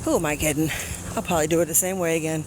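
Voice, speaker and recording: A woman's voice: steady tone, very fast, background noise. An American woman vlogging casually while walking her pets outdoors, chatting to viewers and coaxing animals. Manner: chatty, coaxing animals in a high sing-song voice. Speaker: pet vlogger. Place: outdoors in a neighborhood.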